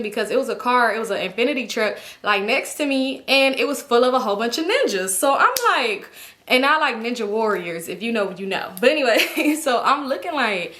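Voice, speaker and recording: A woman tells a storytime vlog at a rapid clip, animated and loose, with plenty of swearing. Her voice is bright and forward, and it sits a little high. She keeps turning aside to talk straight to her viewers. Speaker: YouTube storyteller.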